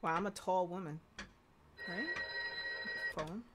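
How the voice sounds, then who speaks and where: A woman's voice: fairly low pitch, slow, very noisy. Chatty woman streamer. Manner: chatty, amused, questioning. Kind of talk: live game commentary.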